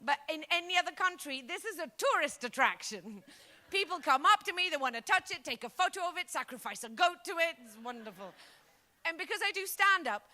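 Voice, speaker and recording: A Greek woman in her thirties doing a stand-up comedy set on stage, lively and punchy, acting out her bits. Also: very high-pitched. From Greece. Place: comedy stage before a live audience.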